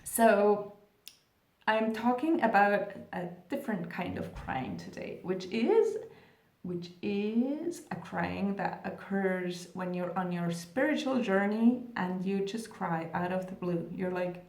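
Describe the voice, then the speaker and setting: A woman talking to camera as a spiritual vlogger, gentle, earnest and reassuring. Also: mid-range voice, animated, slow. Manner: gentle, earnest and reassuring, with soft laughs and fillers. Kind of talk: casual talk to camera. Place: indoor room, Australia. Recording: echoey room, distant mic.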